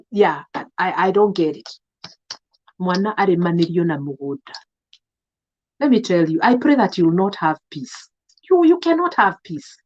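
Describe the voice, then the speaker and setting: A woman's voice: a little high, highs cut off. A Kenyan woman, around her thirties, giving an emotional, scolding vlog monologue. She repeats herself and keeps switching between English and Swahili. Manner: indignant, scolding. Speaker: vlogger. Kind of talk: impassioned commentary monologue.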